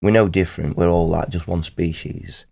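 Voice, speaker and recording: A man's voice: deep voice, fairly even intonation, normal speed, vocal fry, dark tone. A middle-aged man from Nottinghamshire with a Nottinghamshire accent, chatting on a podcast and telling rambling stories. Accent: Nottinghamshire English. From Nottinghamshire, England. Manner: rambling storyteller, laughs often. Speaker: band guest. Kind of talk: casual podcast chat.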